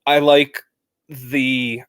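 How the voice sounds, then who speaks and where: A man's voice: mid-range voice, little pitch movement, drawn-out words, a bit bright, smooth, no room sound. Chatty man, dry close sound. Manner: chatty, rambling with many fillers. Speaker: guest football fan. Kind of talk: casual match discussion.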